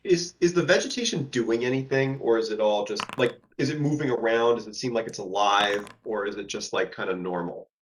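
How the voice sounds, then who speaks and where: A man's voice: fairly low pitch, fairly quick, hardly any pauses, background noise. A man playing a tabletop game, speaking hesitantly in and out of character, repeating words. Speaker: player.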